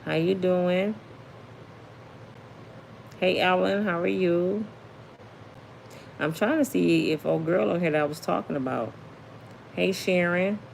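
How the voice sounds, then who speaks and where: A sassy, chatty woman hosts a casual celebrity gossip livestream, reading viewer comments aloud. Her fairly low voice moves slowly with vocal fry and long pauses, over a slight hiss or hum.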